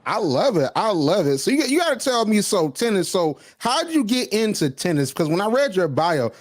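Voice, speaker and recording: A man hosting a casual interview podcast, energetic and slangy, often starting with "listen". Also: sits high, fairly quick, dry recording, clean studio sound. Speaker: podcast host.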